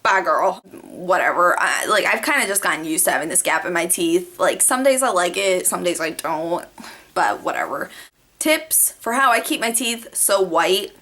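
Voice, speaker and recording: A young woman vlogging casually, telling stories to the camera with lots of "like" fillers and animated asides. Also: fairly low pitch, moderate pace. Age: young adult. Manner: chatty, animated, many "like" fillers.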